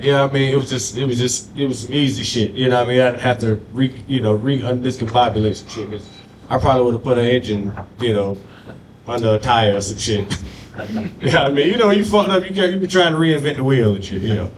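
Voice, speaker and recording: A man's voice: medium pitch, brisk, slight background noise. A man doing a loose, profane stand-up comedy set on a club stage, working the crowd. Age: adult with a grown daughter.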